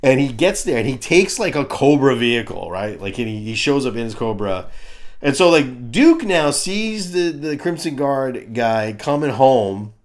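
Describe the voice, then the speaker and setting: A man's voice: mid-range voice, very animated, moderate pace. A man in his fifties giving a crude, ranting comedic review of a cartoon.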